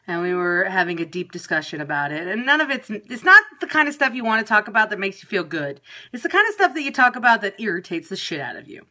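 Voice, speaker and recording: A woman's voice: mid-range voice, lively intonation, fast talker, bright, forceful tone. Cursing, fed-up woman ranting on a livestream. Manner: profane, exasperated venting. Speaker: periscope broadcaster. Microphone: phone camera.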